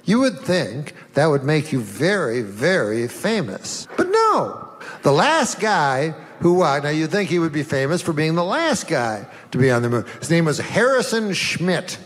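A middle-aged male comedian telling stories and jokes in a deadpan, drawling talk-show manner. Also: on the high side, unhurried, long reverb tail.

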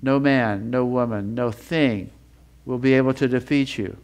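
Mid-sermon, a male Bible teacher with an ordinary-pitched, slightly mellow voice builds emotion through repeated phrases. When reading scripture aloud, he slows down and drops lower.

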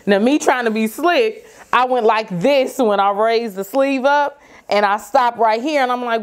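A middle-aged woman vlogger casually telling a story from her teenage years to her viewers, slangy and animated. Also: on the high side, measured pace.

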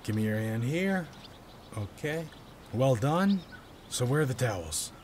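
Guy doing a grumpy beekeeper dad, snaps fast, buzzing bugs in the background. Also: medium pitch, sing-song, slight background noise. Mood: tense. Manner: curt, quick to shout. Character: stressed widowed beekeeper father, short-tempered. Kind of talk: dubbed film drama.

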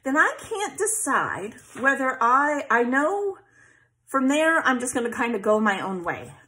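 A woman with a fairly high voice talks through her scrapbooking project in a loose, chatty way. She thinks out loud, fills pauses with ums, and makes light fun of herself. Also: very animated, low-quality recording. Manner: chatty, self-deprecating, thinks aloud with fillers. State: hiccups. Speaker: scrapbooking vlogger. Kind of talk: casual craft tutorial chat.

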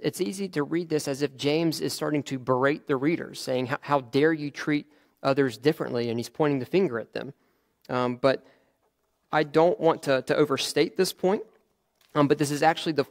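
A man preaching a sermon in a conversational way, often restarting his phrases and adding fillers. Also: medium pitch.

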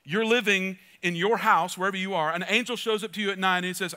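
A man's voice: sits high, steady tone, fast talker, sharp tone, clear, resonant tone. A male pastor preaching a sermon with energy, joking asides and calls to the congregation. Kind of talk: church sermon.

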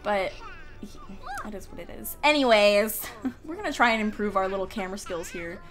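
This gaming YouTuber is a young woman playing a life-sim game at home, where faint outdoor sounds come through the open window and soft music plays in the background. She's chatty and giggly, speaking to her characters in a mid-range, slightly bright voice. Her intonation is lively and her pace moderate.

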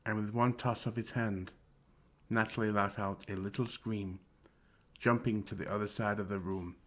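Male storyteller, lower pitch, calm read-aloud for children. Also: moderate pace.

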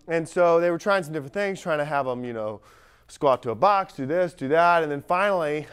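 Energetic man coaching a squat. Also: a little high, clear, resonant tone. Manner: energetic, talks straight to the group, acts out lifters. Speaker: strength coach. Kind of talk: live coaching demonstration. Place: gym platform at a lifting camp.

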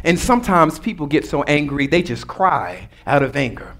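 A man's voice: a little high, sing-song, moderate pace, a bit bright. A man preaching a sermon as pastor, in a conversational and humorous way, drawing responses from the congregation.

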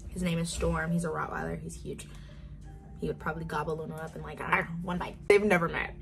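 Young woman, 18, bubbly casual vlog chat, lowish voice, faint music behind. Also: level tone, fast, gravelly. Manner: chatty and bubbly, drifts off on tangents. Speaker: vlogger. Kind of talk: casual get-to-know-me vlog.

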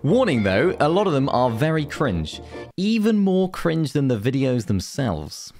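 Male YouTuber with a sarcastic, animated delivery, soft music underneath. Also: medium pitch, a little slow. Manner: dry, sarcastic. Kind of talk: reacting to comments.

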